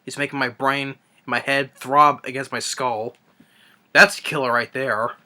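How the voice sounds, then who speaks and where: A young man ranting through a movie review, exasperated and halting, with many restarts and trailing sighs. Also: mid-range voice, fairly even intonation, pushed and bright.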